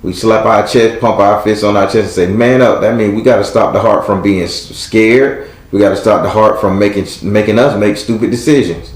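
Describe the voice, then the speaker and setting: Low-voiced tarot reader, male, blunt and preachy, echoey room. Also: steady tone, fairly quick. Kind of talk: live tarot reading.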